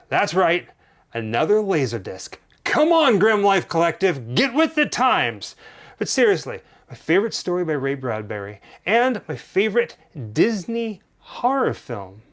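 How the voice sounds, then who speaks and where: A man's voice: high-pitched, fairly bright tone. A man co-hosting a collectors' vlog, showing items in a playful, jokey, showman-like way. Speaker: collector co-host.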